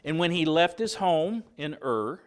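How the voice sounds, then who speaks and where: Male preacher, southern Indiana roots, animated pitch, conversational sermon delivery. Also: unhurried, a little hiss or hum. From southern Indiana, USA. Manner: earnest, conversational preaching with fillers and restarts.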